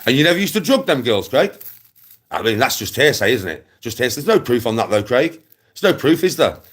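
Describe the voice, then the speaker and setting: Man, husky voice, lively swooping pitch, mocking rant. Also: fairly quick. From West Midlands, England. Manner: mocking, taunting, repeats jibes, laughs often. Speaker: vlogger. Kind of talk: casual rant to camera.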